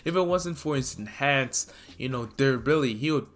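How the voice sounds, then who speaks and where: A man's voice: medium pitch, brisk. A man telling an improvised fan story in a loose, rambling way full of fillers.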